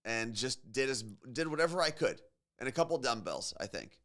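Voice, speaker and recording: A man co-hosting a morning radio show, telling long casual stories with a relaxed, rambling manner. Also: mid-range voice, moderate pace. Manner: chatty storyteller, bursts into silly singing.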